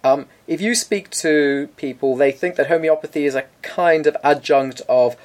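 A man talking casually with a co-host. His voice sits a touch high. He explains things with dry sarcasm, often pausing on fillers. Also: darkish tone. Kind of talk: casual comedic chat.

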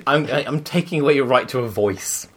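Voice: mid-range voice, normal speed, slight background noise. A podcast co-host in casual, playful chat, often laughing.

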